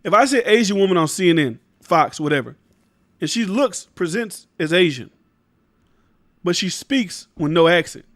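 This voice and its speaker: A high-pitched man rants through his own commentary show. He talks emphatically, swears a lot and trips over restarts. The sound is close and dry, with little room echo. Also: animated, normal speed, fairly bright tone. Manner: emphatic, rambling, profane, restarts mid-sentence. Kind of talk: casual opinion commentary.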